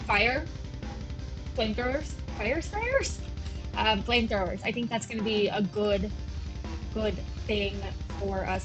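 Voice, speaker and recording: A woman in her thirties talks through a game with a Valley Girl voice, pitched a little high. She rambles in a chatty, self-deprecating way. Game music plays faintly under her. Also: low-quality recording. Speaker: gameplay streamer. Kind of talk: casual gameplay commentary.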